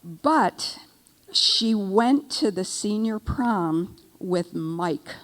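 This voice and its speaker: An older woman speaking from an event stage, spinning a funny personal story with wry, animated timing. Her voice sits at a middle pitch for a woman. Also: extremely slow. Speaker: keynote speaker. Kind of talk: humorous storytelling speech.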